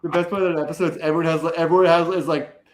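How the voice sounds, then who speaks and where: Guy rambling and cussing on a podcast, kinda high voice, echoey room. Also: little pitch movement, racing. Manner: rambling, swearing, laughing often. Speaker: podcast co-host. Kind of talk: casual chat.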